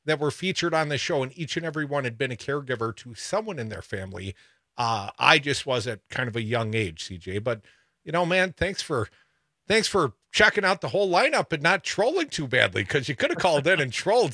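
A man's voice: fairly high pitch, lively intonation, fairly quick, sharp tone, no room sound, studio quality. A man hosting a radio talk show, bantering and playfully ribbing a regular caller. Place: radio studio.

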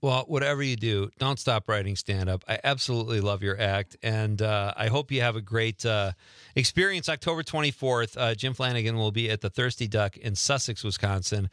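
A man hosting a radio talk show, chatty and quick to laugh, on a studio mic. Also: fairly low pitch, a bit bright, clear, resonant tone, dry recording. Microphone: studio microphone.

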